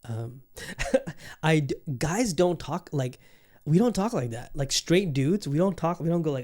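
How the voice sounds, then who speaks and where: A man's voice: a little high, animated, unhurried, darkish tone. A man in his thirties hosting a podcast in candid, profane, rambling casual chat. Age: 30s. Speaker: podcast host.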